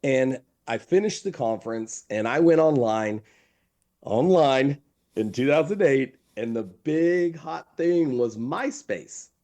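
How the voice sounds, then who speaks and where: A man speaking as a marketing consultant guest in a conversational interview, emphatic and animated, repeating his key phrases and telling stories. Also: mid-range voice, slow.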